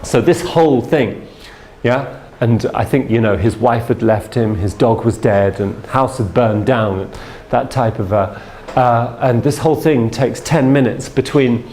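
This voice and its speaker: A man's voice: mid-range voice, unhurried, darkish tone, slight background noise. Chatty male sales trainer on stage. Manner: anecdotal, chatty, checks in with "yeah?". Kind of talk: storytelling in a training seminar. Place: stage in front of a seminar audience.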